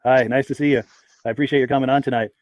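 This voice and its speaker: Talking very fast in a steady, mid-range voice, a man hosts a live-stream podcast, calling out viewers' names and hometowns between bits of chat. There's no room sound.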